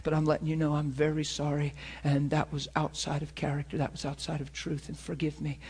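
A pastor preaching a sermon and telling personal stories in an earnest way, sometimes dropping soft and sometimes rising loud. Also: male voice, on the high side, completely flat delivery, brisk, slightly rough. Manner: earnest storytelling, swings from soft confessional to loud emphatic.

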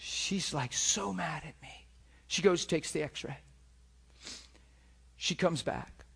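A man telling a testimony in an excitable, loud and animated way. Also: a little high, takes it slowly, gravelly, husky. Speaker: speaker giving a testimony. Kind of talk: testimony storytelling.

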